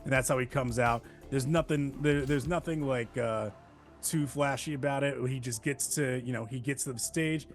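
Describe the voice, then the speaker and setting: A man's voice: medium pitch, faint music behind. Rambling man describing his game character. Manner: rambling, halting with many fillers. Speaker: player.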